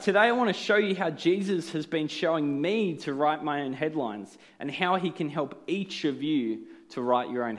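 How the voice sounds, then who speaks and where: A man preaching a sermon in an earnest, explanatory way, often asking rhetorical questions. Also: a little high.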